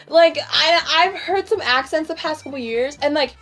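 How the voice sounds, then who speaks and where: A woman's voice: high voice, normal speed, a bit bright, soft background music. A young woman hosting a casual chat, rambling and giggly with lots of "like". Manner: giggly, rambling, heavy use of "like". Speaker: channel host. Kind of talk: casual stoned mukbang chat.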